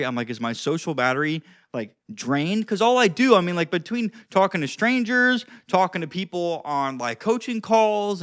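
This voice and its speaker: Slangy, fairly high-voiced young man coach. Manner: loose and slangy, full of "like" and restarts; swings between loud and quiet, low-key asides. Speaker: social skills coach. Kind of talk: casual talking-to-camera advice.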